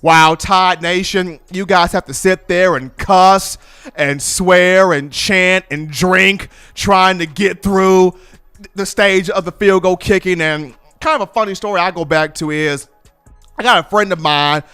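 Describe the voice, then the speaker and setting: Casting: male commentator, high-pitched, smooth, clear voice, lively storyteller. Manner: animated storyteller, colloquial. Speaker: sports commentator. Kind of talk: casual sports commentary.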